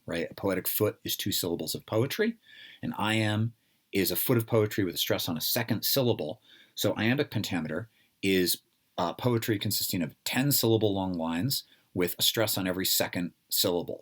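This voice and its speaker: A man's voice: low-pitched, fairly bright tone. A man from the United States giving an informal lecture, talking conversationally with many fillers and asides.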